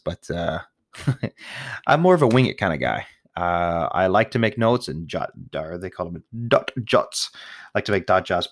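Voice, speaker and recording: Deep-voiced man rambling on his podcast. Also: dry recording, studio quality. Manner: rambling, profane, self-mocking, with fillers and sniffles. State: nervous. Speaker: podcast host. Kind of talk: casual solo podcast chat.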